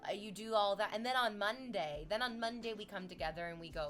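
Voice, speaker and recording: A woman streaming, reading chat aloud and chatting casually in an animated, exclamatory way that drifts into tangents. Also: medium pitch, a little fast, hardly any pauses, faint music behind.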